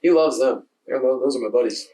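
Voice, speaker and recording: A man, a bartender co-hosting a podcast, telling animated stories in casual chat, acting out the exchanges and swearing freely. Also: medium pitch, brisk, roomy sound, far from the mic. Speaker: podcast co-host.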